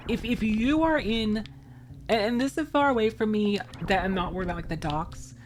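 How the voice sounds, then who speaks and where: A woman's voice: mid-range voice, normal speed, darkish tone, slight background noise. Chatty, laughing woman game streamer. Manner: chatty, laughs often, reads and thanks viewers' chat. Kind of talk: casual live-stream chat while playing.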